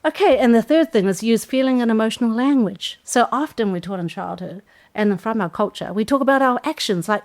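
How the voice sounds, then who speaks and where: A woman's voice: a little high, a little fast. A woman, a Christian life coach, giving a teaching talk and acting out example phrases as she goes. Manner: acts out example phrases, animated.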